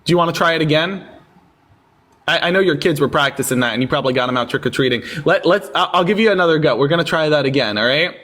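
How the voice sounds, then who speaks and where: A man's voice: on the high side, quick pace, a bit bright. A man hosting a live-stream debate, sarcastic and taunting with callers, thanking viewers in casual chat. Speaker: livestream debate host.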